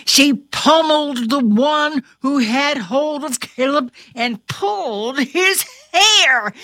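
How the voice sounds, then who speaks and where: A woman reads aloud from a storybook, addressing her listeners directly. Her delivery is highly expressive and dramatic, and the recording is dry.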